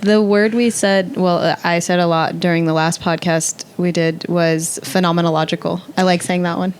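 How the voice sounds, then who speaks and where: A young adult woman talking casually as a podcast guest, thoughtful and sometimes pausing to search for the right word. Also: fairly low pitch, flat delivery, a little hiss or hum. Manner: thoughtful, searches for words mid-sentence.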